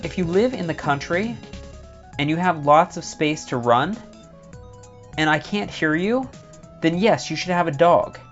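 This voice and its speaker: A man's voice: fairly high pitch, animated, a little slow, long pauses. Rambling joking man on a game stream. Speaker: streamer playing a visual novel. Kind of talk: casual live-stream banter. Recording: slightly dull lo-fi stream audio with faint music.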